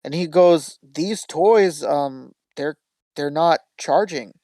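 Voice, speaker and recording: A man's voice: a little high, slow pace, no room sound. Podcast guy cussing thru a story, does the voices, super dry sound. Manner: profane, animated storytelling with acted quotes. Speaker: podcast host. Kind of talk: casual chat.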